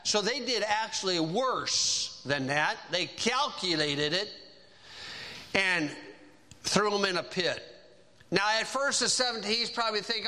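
A man preaching in a conversational, animated way, retelling a story and acting out its characters. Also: high-pitched, unhurried. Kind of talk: sermon storytelling.

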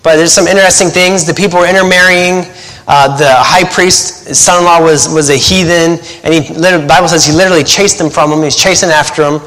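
A man's voice: fairly high pitch, fairly even intonation, fast talker, fairly bright tone, big-room sound, rough recording. A man in his thirties preaching a casual sermon as a missionary pastor, conversational and joking, acting out quotes. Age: 30s.

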